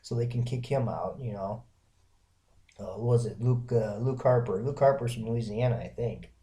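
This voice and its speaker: A man's voice: on the low side, normal speed, dark tone. A man from Alabama, rambling through a casual solo vlog with lots of fillers and restarts. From Alabama, American South. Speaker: vlogger.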